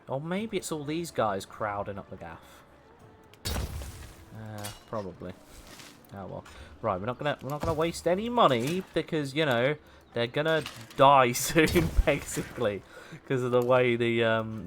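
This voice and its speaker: A man's voice: medium pitch, background noise. Playful British man streaming a game. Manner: chatty and playful, laughing often, mock-outraged outbursts. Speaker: livestream host. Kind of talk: casual gameplay commentary, chatting with viewers. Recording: faint music behind.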